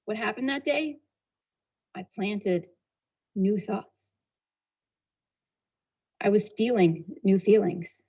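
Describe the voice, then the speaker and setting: A woman giving a motivational talk, telling a personal story with a lively, expressive delivery. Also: mid-range voice, slow pace, long pauses, breathy edge, poor audio. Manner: expressive storyteller, shifting pace and loudness, laughing at herself. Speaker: motivational speaker.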